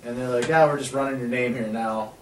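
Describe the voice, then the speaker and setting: A man's voice: medium pitch, fairly even intonation, fast talker. Rambling, profane man in an echoey room. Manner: profane, rambling storyteller, acts out quotes loudly. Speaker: podcast host. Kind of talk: casual storytelling chat. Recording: echoey room, voice far from mic, faint background noise.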